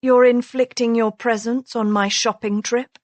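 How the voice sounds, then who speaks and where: A woman voicing a sharp-tongued aristocratic Regency wife, crisp, haughty and argumentative, in an audiobook. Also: a little high, fairly even intonation, unhurried, no echo, close to an everyday voice.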